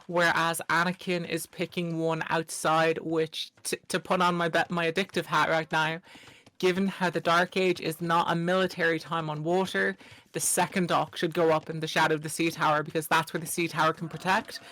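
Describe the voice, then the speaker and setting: A man's voice: on the high side, little pitch movement, moderate pace, pushed and bright. A man co-casting a strategy game live, giving analytical commentary with joking banter. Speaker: co-caster.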